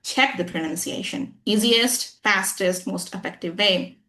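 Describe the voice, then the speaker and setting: With a bright, forceful tone, medium pitch and measured pace, this woman discusses her work as an English trainer in a conversational interview. She uses an acquired American-style accent, stresses her points, and often asks "you know what I'm saying."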